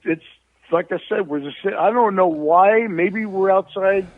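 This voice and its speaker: A man in his sixties from New York, hosting and telling a story casually, swearing freely and shouting exclamations. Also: sits high, a little slow, dry recording. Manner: profane, animated, shouts exclamations. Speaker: host. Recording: tinny phone-line sound.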